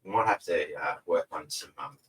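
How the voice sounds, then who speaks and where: A man's voice: rumbling low, moderate pace, a bit bright, distant mic, poor audio. An Australian man hosting a casual live stream from home, rambling and laid-back and swearing freely. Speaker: host. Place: home room in front of a TV. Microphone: camera mic set back from him.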